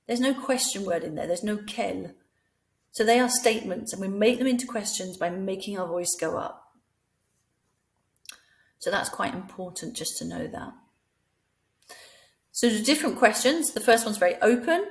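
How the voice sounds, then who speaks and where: A woman talks teachers through classroom activities in a calm, patient way. She has a creaky, gravelly edge to her voice. Now and then she sings out French phrases with a rising question lilt. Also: mid-range voice, normal speed, poor audio. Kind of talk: recorded training lesson.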